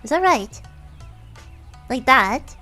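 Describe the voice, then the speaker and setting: A woman streamer chatting casually while she plays, excitable and quick to laugh. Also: high-pitched, faint music behind. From United States. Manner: giggly, excitable, laughs often. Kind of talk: casual chat while gaming.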